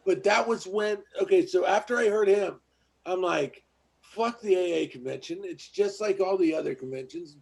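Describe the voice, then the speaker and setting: A man with a somewhat high, gravelly voice talks on a casual podcast. He is blunt and profane, and he tells stories at length. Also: moderate pace, darkish tone. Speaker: podcast co-host.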